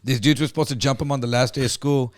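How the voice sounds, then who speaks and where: A man's voice: medium pitch, fast talker, no room sound, studio quality. A man, co-hosting a podcast, telling a long story in a loose, profane way and acting out the other voices. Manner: animated storyteller, acts out other voices, swears freely. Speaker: podcast co-host. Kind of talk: casual storytelling chat.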